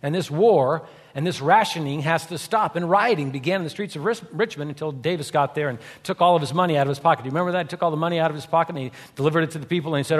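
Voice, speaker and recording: A man preaching a sermon, dramatic, swinging between loud, raised lines and hushed, quiet ones. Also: on the high side, fast. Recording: long hall reverb.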